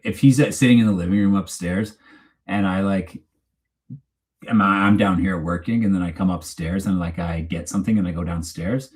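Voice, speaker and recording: A man's voice: sits low, darkish tone. A man hosting a true crime live stream, chatting casually and rambling, often restarting his sentences. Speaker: host of a true crime channel. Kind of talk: casual live-stream chat, reading viewer comments. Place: home.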